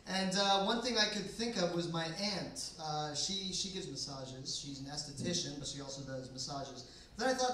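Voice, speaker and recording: A young man delivers a stand-up set in a dry, deadpan, sarcastic way, his voice sitting fairly high. He is heard from across an echoey bar basement. Faint room noise sits underneath. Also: moderate pace, few pauses. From Canada. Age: 20s. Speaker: stand-up comedian. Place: bar basement comedy night. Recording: echoey room, mic from far off.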